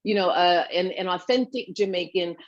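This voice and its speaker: A woman from Brooklyn chats as an interview guest, storytelling with energy and slipping into the voices of people she quotes. Her voice sits fairly low for a woman. The sound is dry and a little dull, like a lo-fi line. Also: moderate pace, no room sound. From Brooklyn, New York. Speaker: actress guest. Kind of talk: casual interview chat.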